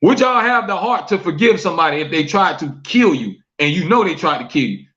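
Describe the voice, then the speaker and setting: A man's voice: on the high side, sing-song, a little fast, a bit bright, dull audio. A man hosting a live-streamed talk show, repeating questions to his viewers, reading their comments aloud and preaching about forgiveness.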